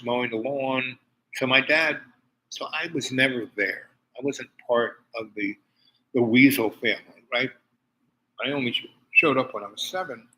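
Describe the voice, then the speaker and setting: A man's voice: medium pitch, sharp tone, low-quality recording. An older man from Harlem, talking in a rambling personal monologue full of asides and restarts. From Harlem, New York. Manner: digressive storytelling with many restarts and asides. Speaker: host.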